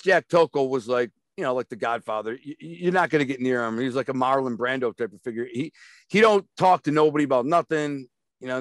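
A streetwise man spins long, rambling stories in a casual interview, repeating himself and slipping into other people's voices. His voice sits a little high for a man, and the sound is dry and close with no room around it. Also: fairly bright tone, no echo. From Detroit. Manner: rambling, repeats words, acts out quoted voices; streetwise and blunt. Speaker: interview guest.

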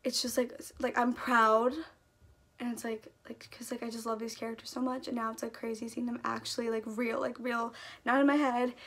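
Gushing young woman, high and gravelly. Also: level tone, a little fast, fairly bright tone. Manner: gushing, breathless fangirl talk packed with "like". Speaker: YouTuber. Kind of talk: excited casual vlog chat.

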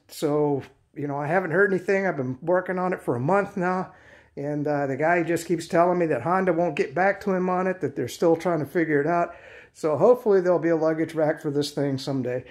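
A man in his late fifties giving a rambling, chatty scooter review, full of fillers, restarts and blunt mild swearing. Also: high-pitched. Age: 50s. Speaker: product reviewer. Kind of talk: casual video review.

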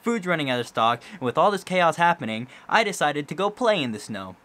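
A man's voice: a little high, sing-song, fairly quick, a bit bright. Young man rambling in a vlog. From Kansas. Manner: rambling, joking. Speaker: vlogger. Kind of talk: casual vlog chat.

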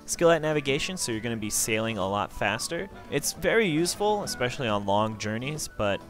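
A man's voice: mid-range voice, big pitch swings, brisk, fairly bright tone, faint music behind. A man giving casual, enthusiastic let's play commentary as he walks through a game. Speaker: gameplay commentator.

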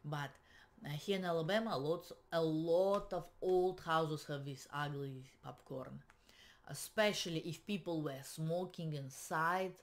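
A woman's voice: low voice, measured pace. A woman with a Russian accent, a realtor and YouTuber, giving chatty, practical advice on getting a house ready to sell, with a self-mocking humor. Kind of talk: casual home-selling advice vlog.

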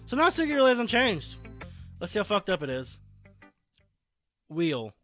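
A man's voice: high-pitched, big pitch swings, moderate pace, sharp tone, faint music behind. A young man giving laughing, sarcastic, profane commentary while playing a game. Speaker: gaming channel host. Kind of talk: let's play commentary.

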